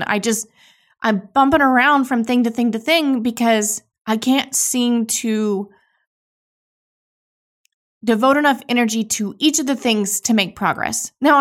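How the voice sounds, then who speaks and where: Raw, emotional woman podcast host. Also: sits high. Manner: raw, halting, emotional, restarts often. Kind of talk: candid solo podcast monologue.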